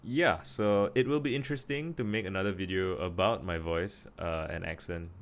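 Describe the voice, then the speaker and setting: A young Singaporean man with a Singaporean accent, musing in a casual video monologue and deliberately speaking slowly from his chest. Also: slight background noise. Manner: practicing a slow, deep, chest voice; thoughtful, many fillers and restarts. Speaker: vlogger.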